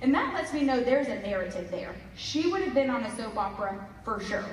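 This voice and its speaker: A woman's voice: on the high side, big pitch swings, a little fast, crowd noise. A woman giving a storytelling sermon to a congregation, chatty and full of jokey asides. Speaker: guest speaker. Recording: echoey hall, mic from a distance.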